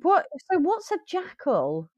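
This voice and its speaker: A woman's voice: very high voice, wildly swooping pitch, measured pace, highs cut off. A woman co-hosting a film podcast, casual and playful chat with laughter. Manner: playful, laughs, does silly voices.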